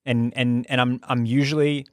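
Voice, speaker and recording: A talkative man in casual conversation, eager and quick to jump between thoughts, often restarting his phrases. His voice sits at an ordinary middle pitch. The sound is close and dry, with no room around it. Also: level tone, darkish tone, dry recording. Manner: enthusiastic, talkative, frequent restarts. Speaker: podcast host reviewing a film. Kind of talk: casual chat.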